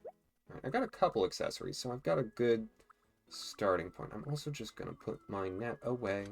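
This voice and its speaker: A let's play host chatting casually and joking while playing a life-sim game, thinking out loud. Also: mid-range voice, animated, a little fast, gravelly, soft background music. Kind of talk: casual gameplay commentary.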